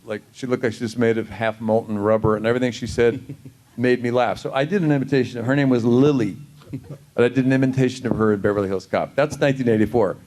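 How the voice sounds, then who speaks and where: A man on a convention panel telling anecdotes in an animated way, often exclaiming in disbelief. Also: mid-range voice, quick pace.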